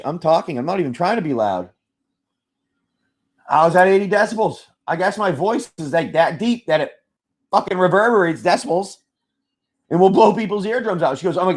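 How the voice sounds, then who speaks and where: Loud, swearing man telling a story. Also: on the high side, a little fast. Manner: loud, swears freely, tells stories with quoted dialogue. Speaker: live card-break seller. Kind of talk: casual chat while opening card packs.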